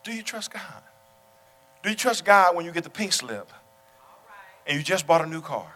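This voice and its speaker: A man preaching in a church, his voice bright and a little high for a man. He tells stories in a conversational tone and builds to loud, repeated exclamations. A long reverb trails behind him in the hall. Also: sing-song, moderate pace. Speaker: pastor. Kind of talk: sermon. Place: church sanctuary.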